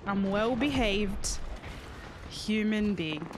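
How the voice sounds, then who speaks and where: A young woman streamer, foul-mouthed and excitable, calling out her gameplay at a slow, drawn-out pace in a somewhat high voice. She laughs often, and gunfire from the game rattles behind her. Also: noisy background. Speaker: gaming streamer. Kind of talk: casual gameplay commentary.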